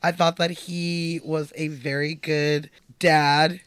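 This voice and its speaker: An animated woman co-hosts a casual talk about a film, recorded close and dry with no room sound. She rattles along in a loose, chatty way. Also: deep voice, takes it slowly, smooth, dry recording. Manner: animated, quotes characters in exaggerated voices, laughs often. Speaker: podcast co-host.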